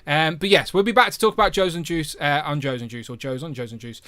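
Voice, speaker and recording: A man in his younger years hosts a relaxed live stream, jumping between viewer comments with jokey excitement. His voice is on the high side and cuts through crisply and brightly, close and dry on the mic. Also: quick pace, dry recording. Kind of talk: casual live stream chat.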